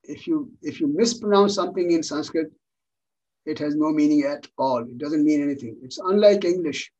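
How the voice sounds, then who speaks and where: A man's voice: on the high side, moderate pace, warm tone, far from the mic, dull audio. A man teaching yoga philosophy in an online class, patient and repeating words for emphasis, heard over a video call.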